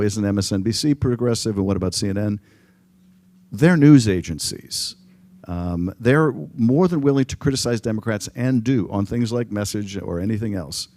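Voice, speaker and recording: A middle-aged congressman answering an audience question at a panel, speaking in a measured way with frequent ums and restarts. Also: on the low side, warm tone, dry recording. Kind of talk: public panel talk. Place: conference room.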